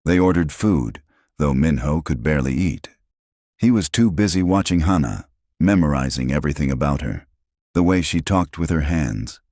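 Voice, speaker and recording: A man with an extremely deep voice narrates a dramatic story in a steady, scripted style. His pitch moves in lively swings, and the sound is dry and close to the mic. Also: no echo.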